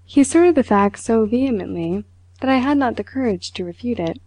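A woman narrates a classic short story in a calm, measured reading voice. Her tone is mellow and warm. The recording is dry and close. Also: a little high, dry recording, rough recording. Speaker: audiobook reader. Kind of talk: scripted narration.

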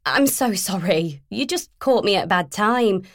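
A woman's voice: medium pitch, animated, dry recording, studio quality, natural voice. A woman voicing a flustered, apologetic young female bookshop owner. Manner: apologetic, hurried.

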